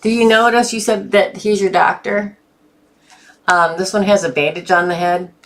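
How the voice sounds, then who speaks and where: A woman doing a live tarot reading, chatty and often breaking into laughter and excited bursts. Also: medium pitch, normal speed. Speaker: tarot reader.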